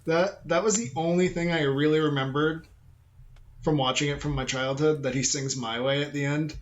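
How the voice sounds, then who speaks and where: A man's voice: on the high side, fairly even intonation, normal speed, muffled recording. A man guesting on a casual film podcast, talking enthusiastically and laughing often.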